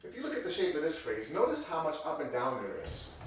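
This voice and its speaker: A man's voice: on the high side, huge pitch swings, fast talker. Man teaching piano in an echoey room. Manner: conversational, self-correcting, acts out example sentences. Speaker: music teacher. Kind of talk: piano lesson explanation. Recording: very echoey room, voice distant from mic.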